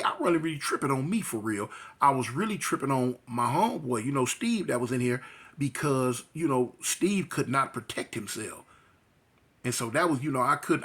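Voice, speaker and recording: A man from California, telling a story in a casual, slangy way and acting out voices and sound effects. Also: fairly high pitch. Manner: animated, acts out quotes and sound effects, slangy. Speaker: storyteller recounting jail experiences.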